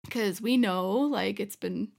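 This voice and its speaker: Slow, gravelly-voiced woman co-host. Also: medium pitch, darkish tone. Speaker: podcast co-host. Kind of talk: casual chat.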